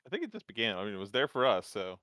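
A man's voice: on the low side, very animated, very fast, pushed and bright, no echo, studio quality. A man in casual chat, enthusing about a show with lots of fillers.

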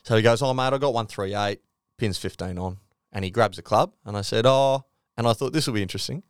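A man's voice: lowish voice, fast talker, clear, resonant tone, no echo, clean studio sound. Laid-back Australian man telling a yarn. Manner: storytelling, swears freely, acts out quotes. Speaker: podcast co-host. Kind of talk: casual sports chat.

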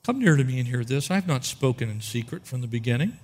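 A man preaching a sermon, reading verses aloud and asking rhetorical questions, slowing down to stress key phrases. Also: mid-range voice, very animated, a little mellow. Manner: expository preaching, rhetorical questions, slows for emphasis. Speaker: pastor.

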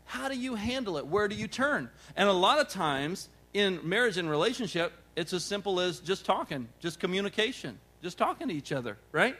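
A man's voice: high voice, animated, brisk, hardly any pauses, a bit bright. A man preaching a sermon as pastor, emphatic and building with rhetorical questions.

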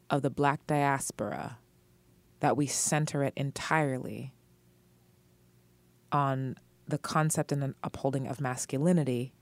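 A woman's voice: rumbling low, darkish tone, no echo. A woman co-hosting a podcast in casual chat, heated and swearing freely, with frequent laughs. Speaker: podcast co-host.

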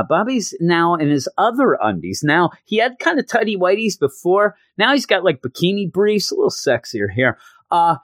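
A man casually recapping a comic book story, animated and slipping into voices for the characters. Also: mid-range voice, dry recording. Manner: animated retelling, acts out quotes. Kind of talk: casual review chat.

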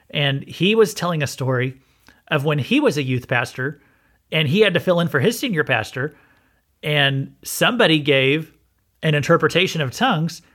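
A man's voice: a little high, fairly bright tone. Man teaching a casual Bible lesson. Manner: conversational, frequent "okay?" check-ins. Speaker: pastor and podcast host. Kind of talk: sermon-style Bible teaching.

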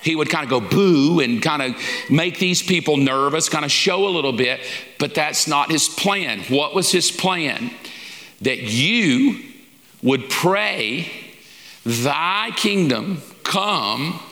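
Unhurried but animated, this pastor speaks in a slightly high, pushed, bright voice. His sermon, part of a lesson series, is folksy and conversational, spiced with acted-out quoted asides, all echoing with a large hall's long reverb.

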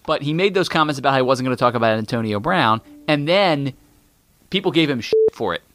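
A man co-hosting a comedy podcast, talking in an animated, exasperated way and swearing freely. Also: mid-range voice, fast talker. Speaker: podcast co-host.

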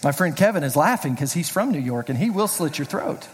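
A middle-aged pastor giving a casual, joking sermon, telling personal stories in a chatty way. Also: male voice, on the high side, sing-song, fairly quick, noisy background. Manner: chatty, storytelling, self-deprecating jokes. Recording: reverberant hall.

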